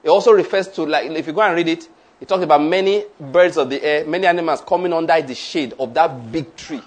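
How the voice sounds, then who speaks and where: A man preaches in a high, ringing voice. He leads the congregation line by line through declarations and stresses each phrase. His voice sits well above the usual male range. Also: a little fast. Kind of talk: sermon with call-and-response.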